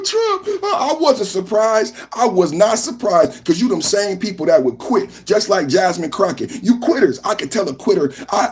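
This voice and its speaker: A man hosting a live political reaction podcast, talking loud and fired-up like he's preaching. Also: fairly high pitch. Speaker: podcast host.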